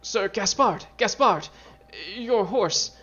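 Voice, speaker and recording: A man's voice: high-pitched, lively intonation, takes it slowly, bright, forceful tone, lo-fi sound, soft background music, pitched above the performer's own voice, full character voice. A man voicing a terrified young male acolyte who stutters in panic. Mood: urgent.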